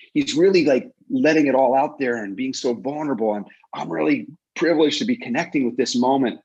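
A man's voice: medium pitch, breathy edge, dull audio. A man hosting a podcast, telling long digressive stories in casual chat. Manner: animated storyteller, digressive. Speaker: podcast host.

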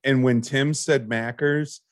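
A man's voice: medium pitch, slow pace, dry recording. Playful guy interviewing guests on a podcast, mid voice, dry sound. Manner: playful, animated.

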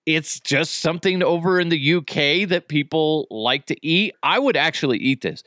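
A man's voice: a little high, moderate pace, fairly bright tone, no room sound, clean studio sound. A man in his thirties hosting a podcast in a goofy, jokey chat style, laughing often. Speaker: podcast host. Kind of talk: casual chat.

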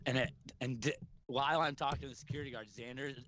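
A man's voice: mid-range voice, fairly even intonation, fast talker, fairly bright tone. A young man telling a long, rambling story in casual chat, laughing often and restarting his sentences. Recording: dry, dull lo-fi sound.

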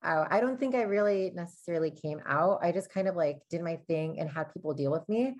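Young woman rambling through an advice story, lowish voice, lots of likes and you knows. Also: animated, a little fast, a little mellow. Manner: candid storytelling, many fillers. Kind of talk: casual advice chat.

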